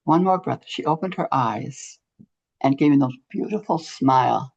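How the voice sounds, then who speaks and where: A woman's voice: very deep voice, normal speed, creaky. An older woman, a guest in an interview, telling a story earnestly and acting out what people said. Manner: earnest, animated storyteller who acts out quotes. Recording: muffled lo-fi audio.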